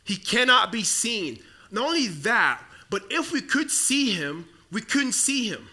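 A man's voice: high voice, sing-song, measured pace, bright, forceful tone. A young man from the Congo preaching a Christmas sermon in a church, telling a childhood story in a casual, conversational way with frequent restarts. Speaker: pastor. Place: church sanctuary.

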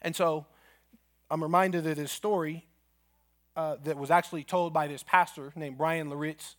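Higher-voiced male pastor preaching. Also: fairly even intonation, normal speed, fairly bright tone. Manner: storytelling with acted quotes, ends in prayer. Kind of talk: sermon. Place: church.

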